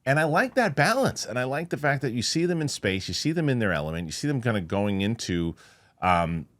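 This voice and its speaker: A man hosting a casual film review, retelling scenes in an animated, rambling way with many restarts. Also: mid-range voice, a little fast. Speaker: movie review host. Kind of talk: casual spoiler review chat.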